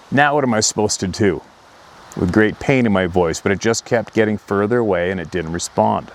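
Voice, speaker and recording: Low-voiced man telling a painful story. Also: a little hiss or hum. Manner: earnest, slow, emotional recounting. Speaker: hunting channel host. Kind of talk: personal storytelling narration.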